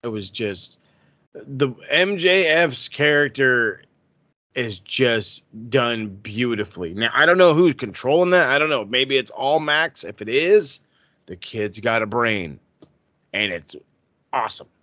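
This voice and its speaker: A man with a bright, forceful voice talks bluntly and swears often in casual chat. The sound is close and dry. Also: mid-range voice, unhurried, no room sound. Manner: blunt, heavy swearing, animated retelling. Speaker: podcast co-host.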